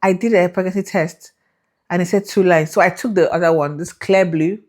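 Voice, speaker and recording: A young woman telling her faith testimony in an animated, emotional way, laughing and acting out the people in her story. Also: on the low side, brisk. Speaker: vlogger sharing a faith testimony.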